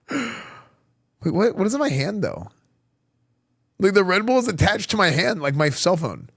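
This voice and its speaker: A man's voice: sits high, sing-song, a little slow, vocal fry, pauses often, husky. A male streamer reacting casually, laughing often and breaking into amazed exclamations.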